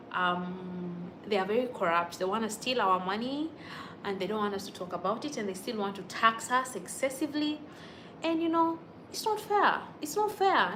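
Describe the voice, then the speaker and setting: Young woman, kenyan accent, livestream host, emotional, indignant, exclamatory, faint background noise. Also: mid-range voice. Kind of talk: casual livestream chat reading viewer comments. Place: at home.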